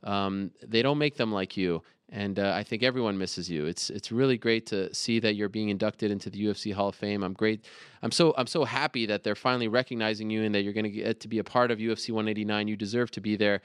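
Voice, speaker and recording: A man's voice: lowish voice, clear, resonant tone, dry recording, studio quality. A man in his thirties hosting an interview show, speaking earnestly to his guest and then announcing upcoming events. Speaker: host. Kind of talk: interview and show host talk.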